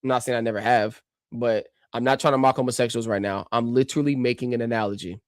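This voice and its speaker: A man's voice: medium pitch, fairly even intonation, fast, dry recording. Male streamer, combative reaction rant, mocking, dry and close. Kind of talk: ranting reaction commentary.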